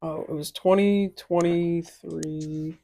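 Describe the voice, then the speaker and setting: A man co-hosting a sports podcast, chatting casually and telling animated stories about fights. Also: a little high, slow, creaky. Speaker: podcast co-host.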